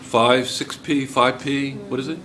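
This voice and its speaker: An American man with a New Jersey accent teaches a chemistry class and keeps firing questions at the students. His voice is bright. A faint room hum sits behind him. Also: mid-range voice, little pitch movement, a little slow. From United States. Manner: chatty, asks the class questions. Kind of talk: classroom lecture.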